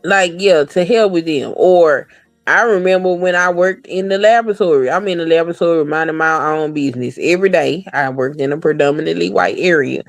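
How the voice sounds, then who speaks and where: A woman's voice: on the low side, brisk, creaky, dry recording, soft background music. A woman co-hosting a casual talk show, telling blunt, profane stories from her working life. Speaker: podcast co-host. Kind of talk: casual chat.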